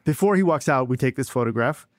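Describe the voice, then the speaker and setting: A man's voice: mid-range voice, animated, fast, dry recording. Rambling self-mocking man, dry close sound. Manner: self-deprecating, rambling with many fillers and restarts. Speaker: guest storyteller. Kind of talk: casual storytelling chat.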